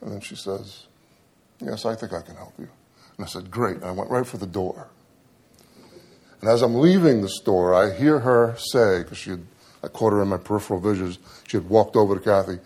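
A man's voice: on the low side, a little fast. A middle-aged man preaching a sermon, telling a humorous personal story with dry asides before turning to scripture. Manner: storytelling, animated when quoting himself, dry asides.

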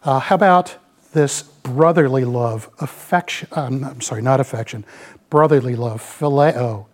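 A man's voice: mid-range voice, a little slow. A man in his mid-sixties giving a folksy, rambling church talk, peppered with "you know.". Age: 60s. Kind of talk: informal sermon with slides.

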